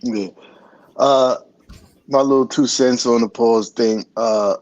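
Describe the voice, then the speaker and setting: A man's voice: medium pitch, fairly even intonation, slow, darkish tone, dry recording. A man co-hosting a sports podcast, chiming in loosely and jokingly. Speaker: podcast co-host. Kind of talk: casual podcast chat. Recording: dull, muffled mic.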